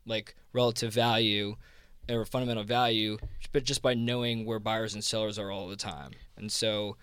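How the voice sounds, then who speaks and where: A man's voice: on the low side, steady tone, normal speed, fairly bright tone, clear, resonant tone, dry recording. A man with a South Jersey accent talking casually, rambling with lots of fillers and restarts. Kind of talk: casual conversation.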